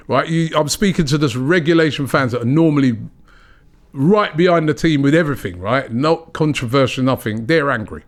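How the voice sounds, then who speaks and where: A man's voice: medium pitch, animated, fairly quick. A man, co-hosting a football podcast, talking emphatically and often asking "right?". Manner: passionate, emphatic, repeats "right?". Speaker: podcast co-host. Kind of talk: heated football chat.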